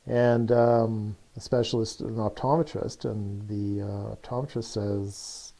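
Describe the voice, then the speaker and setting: Low, mellow-voiced male storyteller. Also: flat delivery, measured pace, few pauses. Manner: loose and chatty, many fillers. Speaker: coach. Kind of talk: casual storytelling.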